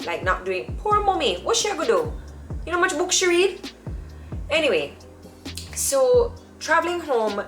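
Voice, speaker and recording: A woman's voice: medium pitch, echoey room. Chatty woman vlogger. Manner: chatty and animated, acts out the people in her story. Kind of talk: casual storytelling to camera.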